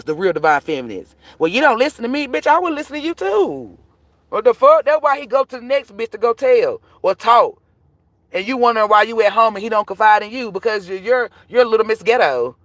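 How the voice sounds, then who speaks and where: Woman ranting on her stream, cussing a lot, preachy, no room echo at all. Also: mid-range voice. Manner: blunt, profane, preachy advice. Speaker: tarot reader streaming to viewers. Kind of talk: live-stream rant to viewers.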